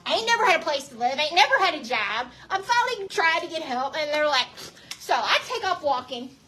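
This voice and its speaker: Middle-aged woman, high bright voice, lively slangy storyteller at a church testimony. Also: fairly quick, a little hiss or hum. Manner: animated storytelling, slangy, laughs often. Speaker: guest speaker giving testimony. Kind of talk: personal testimony to a church audience.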